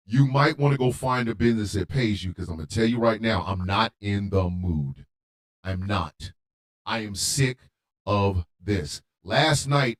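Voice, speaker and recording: A man hosting a radio show, delivering a heated monologue with emphatic repetition and occasional shouting. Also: lowish voice. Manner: emphatic, repeats lines for force; rants, at times shouting.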